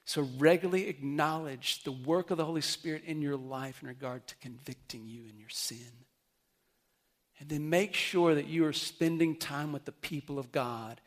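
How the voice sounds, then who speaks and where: High-voiced man preaching a sermon. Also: moderate pace. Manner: earnest, rises loud and high when urging, drops soft and low at close. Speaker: pastor.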